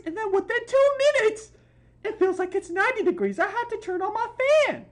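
A woman hosting a comedic reaction video, loud and incredulous, swearing and exclaiming, dropping to a low voice and jumping back high for the jokes. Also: fairly quick, over a noisy crowd. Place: at home. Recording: noisy home recording.

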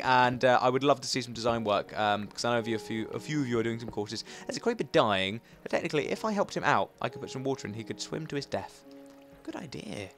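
An excitable young man talks fast over faint game music, his pitch leaping around as he rambles through casual gameplay commentary. He restarts sentences constantly and bursts out loud when the action gets tense. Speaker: gaming YouTuber. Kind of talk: casual let's play commentary.

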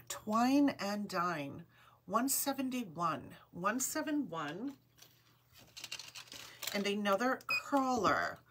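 A woman's voice: mid-range voice, slightly rough. A woman hosting a live online jewelry sale, chatting upbeat and calling out item numbers. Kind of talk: live shopping stream chat.

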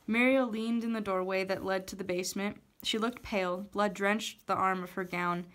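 A woman's voice: medium pitch, fairly even intonation, normal speed, fairly bright tone. Woman teacher reading a chapter aloud.

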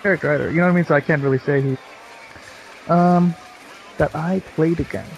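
A man's voice: on the high side, steady tone, brisk, vocal fry, highs cut off, a little hiss or hum. Laid-back man chatting about matches. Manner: laid-back, frequent laughs and fillers. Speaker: co-host. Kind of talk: casual chat over match footage.

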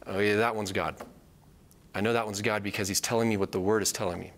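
A man giving conversational Bible teaching, earnest, checking in with "right?" and acting out quoted voices. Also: fast talker. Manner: earnest, repeats points with "right?" tag questions; acts out quoted voices in a higher pitch.

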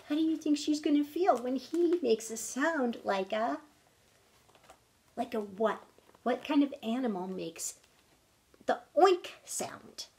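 Soft breathy lady reading a kids' picture book, slow, asks the kids stuff as she goes. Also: a little high. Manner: gentle, asks the children questions. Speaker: storytime reader. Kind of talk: picture book read-aloud for children.

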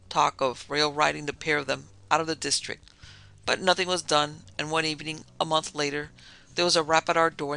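A man narrating a spooky tale in a measured storytelling manner. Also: on the high side, gravelly, bright, forceful tone, low-quality recording. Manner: storytelling, measured, dramatic dips.

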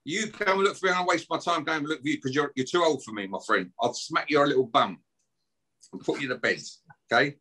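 A man's voice: on the high side, fast, bright, forceful tone, breathy edge. A middle-aged man, guest on a podcast, ranting aggressively and swearing and taunting as he talks. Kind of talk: heated podcast rant.

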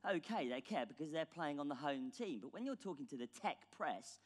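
A man's voice: fairly high pitch, expressive, brisk. A British man giving a conference keynote in a blunt, ironic, casual manner with swearing. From England. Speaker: conference speaker. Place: large conference hall stage. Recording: long hall reverb.

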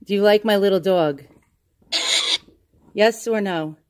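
A woman casually talking through a ghost hunting session at home, asking slow questions aloud with pauses in between. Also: mid-range voice, darkish tone, smooth. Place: indoors at home with a dog nearby.

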